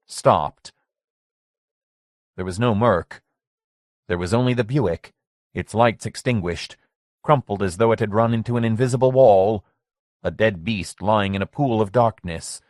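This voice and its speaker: A man narrating a horror story audiobook in a measured, steady way. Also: on the low side, no room sound, studio quality. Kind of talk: scripted narration.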